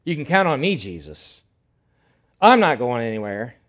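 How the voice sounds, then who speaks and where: A preacher acting out a boastful, insistent male disciple with a loud, cocky voice. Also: medium pitch, big pitch swings, moderate pace.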